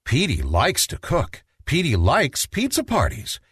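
A man's voice: on the high side, huge pitch swings, a little slow, a bit bright, breathy edge, dry recording, clean studio sound, full character voice. A man voicing a patient mother pleading with her picky son, in a sing-song storybook manner. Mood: coaxing.

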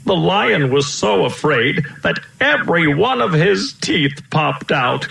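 A man narrating a children's storybook aloud in a steady, storytelling way, in a roomy-sounding recording. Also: a little high, slow, gravelly, slight background noise. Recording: roomy echo.

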